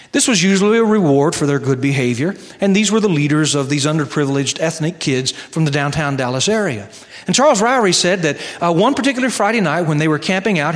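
A man preaching a sermon and telling a story, earnest, slowing down for key lines. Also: a little high, in a large hall.

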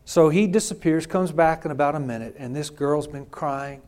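A man's voice: a little high, moderate pace, darkish tone. A male pastor preaching a sermon, telling a personal story in an emphatic, conversational way.

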